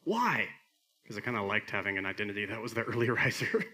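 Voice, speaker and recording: A middle-aged man preaching a sermon as pastor, earnest, swinging from emphatic peaks to soft quiet lines. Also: on the low side, very animated, quick pace.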